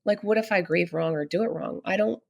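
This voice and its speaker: A middle-aged woman appears as a podcast guest, earnestly telling a personal story and becoming animated when quoting other people. She speaks fairly quickly in a mid-range voice with vocal fry.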